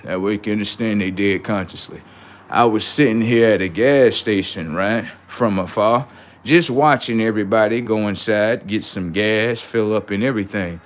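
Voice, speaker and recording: A man's voice: on the low side, moderate pace. A man hosting a livestream, talking casually in slangy speech and preaching in rhetorical questions, acting out both sides of imagined exchanges. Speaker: livestream host.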